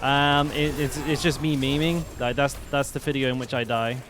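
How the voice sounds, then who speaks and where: A man's voice: medium pitch, steady tone, moderate pace, background noise. A man casually commenting while he plays a game on stream, chatting with viewers and swearing now and then.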